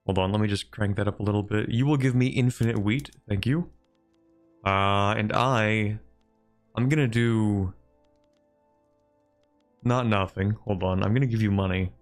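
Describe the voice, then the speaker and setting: A man with a fairly low voice streams a strategy game live, chatting with viewers and bargaining aloud with computer opponents in an animated, joking way. Faint music plays in the background.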